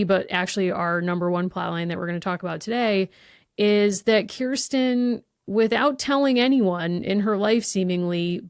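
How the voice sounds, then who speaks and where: A woman's voice: fairly low pitch, smooth, no room sound, studio quality. A woman co-hosting a podcast, recapping a book's plot in detail with enthusiastic asides. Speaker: podcast co-host. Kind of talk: casual podcast discussion.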